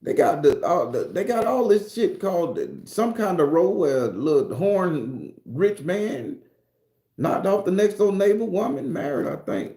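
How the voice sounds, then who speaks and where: A man's voice: sits high, big pitch swings, measured pace, dark tone. A man ranting casually to his viewers as a spiritual vlogger, profane, rambling and preachy. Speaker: spiritual tarot reader vlogger. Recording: roomy echo.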